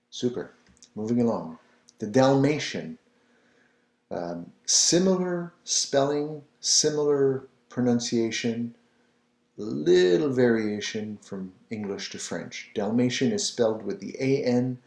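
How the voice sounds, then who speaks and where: Guy teaching french words slow, says em over n over, kinda echoey room. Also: mid-range voice, expressive, gravelly, a little mellow. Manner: patient, repeats words for the listener to copy. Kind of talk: slow, repetitive pronunciation lesson. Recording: roomy echo.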